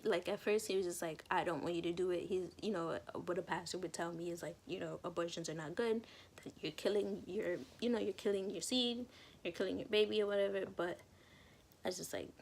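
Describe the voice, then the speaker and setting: A woman's voice: medium pitch, vocal fry, slight background noise. A young woman casually telling a personal story to camera, acting out quotes of herself and others. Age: young adult. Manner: chatty, quotes herself and others in lively asides. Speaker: vlogger.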